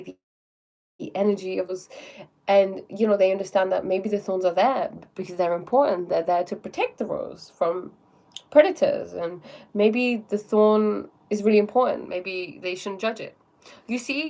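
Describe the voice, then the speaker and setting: A woman with a gravelly, fry-tinged voice hosts a casual self-help livestream. She rambles and thinks aloud, full of fillers and restarts, and talks straight to her viewers about their comments. It sounds like a phone held close. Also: medium pitch, darkish tone. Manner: chats directly with viewers, reading their comments. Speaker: livestream host answering viewer questions.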